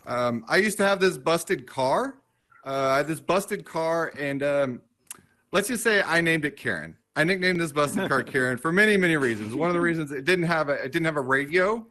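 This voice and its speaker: Lively, bright-voiced man doing stand-up. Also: fairly high pitch, rough recording. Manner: dry self-mocking delivery with quick asides to the crowd. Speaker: stand-up comedian hosting the show. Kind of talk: stand-up comedy set. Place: comedy club stage.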